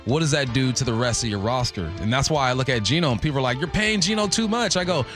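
A man co-hosting a sports radio show in a studio, giving relaxed, opinionated takes and laughing easily. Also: mid-range voice, racing, music in the background. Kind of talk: casual sports talk.

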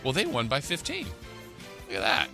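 A man co-hosting a sports radio show, calmly recapping predictions in casual banter. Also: medium pitch, normal speed, creaky, over music. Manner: steady, recaps predictions methodically. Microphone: studio radio mic.

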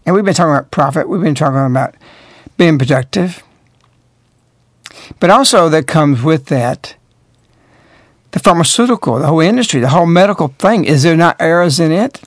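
A man's voice: on the high side, animated, moderate pace, long pauses, no echo, clean studio sound. A man hosting a radio talk show, delivering emphatic, moralizing commentary full of rhetorical questions.

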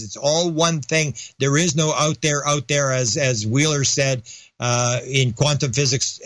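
A man with a fairly high, fairly bright voice talks casually as a podcast guest, with no echo. He rambles, restarts sentences, and raises his voice when acting out quoted dialogue.

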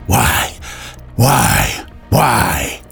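A man voicing a tormented male demon who answers in a halting, unwilling way. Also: on the low side, wildly swooping pitch, vocal fry, fairly bright tone, breathy edge, faint music behind, full character voice. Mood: evasive.

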